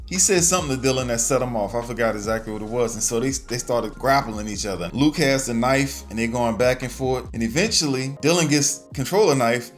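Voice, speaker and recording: A man with a mid-pitched voice recaps a movie plot in a relaxed, slangy way. He tells the story casually and keeps adding his own asides. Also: a little fast, hardly any pauses, faint music behind. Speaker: movie reviewer.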